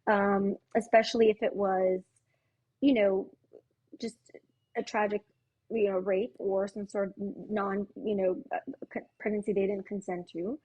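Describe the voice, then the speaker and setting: Woman psychotherapist, breathy tone, earnest and hesitant podcast talk. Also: mid-range voice, flat delivery, a little slow, darkish tone. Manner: thoughtful, earnest, many fillers. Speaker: psychotherapist guest. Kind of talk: casual podcast discussion.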